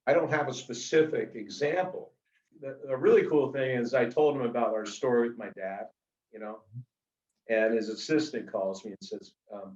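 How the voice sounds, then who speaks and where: A middle-aged man telling anecdotes in a casual, animated way, full of fillers, as an author being interviewed. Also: mid-range voice, moderate pace. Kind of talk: casual storytelling. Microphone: video call. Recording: roomy, distant, dull video call audio.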